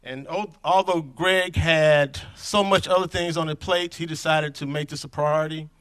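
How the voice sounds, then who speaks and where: Earnest, bright-voiced man telling a story. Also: fairly high pitch, fairly even intonation, normal speed, clean tone. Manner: earnest, conversational, drifts off script. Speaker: conference speaker on infant health programs. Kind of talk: personal storytelling talk.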